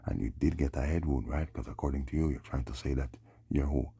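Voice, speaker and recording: A man's voice: very deep voice, fast, creaky, dark tone, slightly rough, no echo. A man delivering a rambling solo monologue, drawling and often breaking off with a questioning "hmm?". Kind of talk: rambling monologue on names and prophecy.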